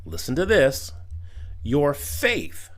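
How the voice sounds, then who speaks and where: Animated man reading scripture aloud. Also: on the high side, slow. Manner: lively, emphatic reading with asides. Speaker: video commentator.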